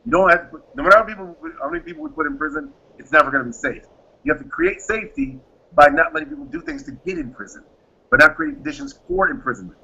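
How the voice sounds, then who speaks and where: A man's voice: extremely high pitch, huge pitch swings, fast talker, creaky, sharp tone. A man who founded a private security firm, answering interview questions in an emphatic way and acting out the exchanges he describes. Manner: emphatic, acts out quoted exchanges. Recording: dull lo-fi audio.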